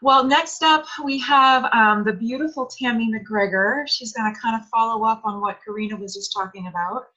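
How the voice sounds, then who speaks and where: A woman's voice: on the high side, normal speed, hardly any pauses, pushed and bright. A woman hosting a live online event, enthusiastic and gushing as she introduces speakers. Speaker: host of a live sales event. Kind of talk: upbeat hosting. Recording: dull lo-fi audio.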